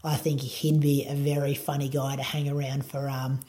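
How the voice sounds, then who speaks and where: A man with an Australian accent, a running podcast producer and coach, chats in a laid-back, rambling interview full of fillers. His mid-range voice has a warm tone, with flat delivery at a normal speed.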